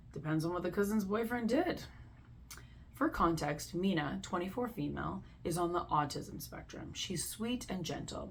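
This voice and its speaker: A woman with a gravelly, low-pitched voice reads internet posts aloud and comments on them bluntly. She talks in a loose, casual way, full of "like" and "you know". A faint hum of room noise sits underneath. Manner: blunt, opinionated, heavy use of "like". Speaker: Reddit story reader and commentator.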